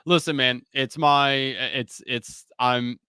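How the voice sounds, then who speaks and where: A laid-back man co-hosts a sports betting podcast with wry humor and frequent laughs. His mid-pitched voice is smooth and clear. It sounds dry and close to the mic. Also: fairly even intonation, slow, sharp tone, no room sound. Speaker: podcast co-host. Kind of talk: casual sports betting chat.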